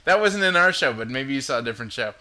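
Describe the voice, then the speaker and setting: Male host, chatty and loose, with a very bright tone. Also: mid-range voice, lively intonation, fast talker. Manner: chatty, rambling storytelling. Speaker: podcast host. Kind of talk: casual chat.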